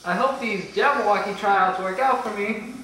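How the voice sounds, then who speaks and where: Brief: young man, high and bright, disbelieving sketch delivery, faint hiss behind. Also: moderate pace. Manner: incredulous, repeatedly asking how. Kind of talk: comedy sketch, mock self-questioning.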